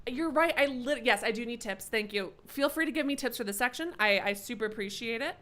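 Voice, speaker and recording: A woman's voice: on the high side, a little fast, a bit bright. Chatty self-mocking young woman streamer. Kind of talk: live gameplay commentary chatting with viewers.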